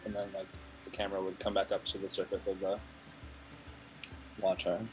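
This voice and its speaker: A man's voice: low-pitched, completely flat delivery, a little fast, soft background music, poor audio. A man player describing his tabletop character, hesitant with many fillers.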